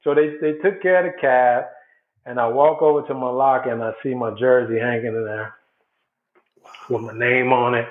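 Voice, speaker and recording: A man's voice: mid-range voice, moderate pace. A man from Chicago, a former baseball player, telling his story as an interview guest and acting out the people in it. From South Side of Chicago. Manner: animated storyteller, acts out quotes. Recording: echoey, phone-like sound.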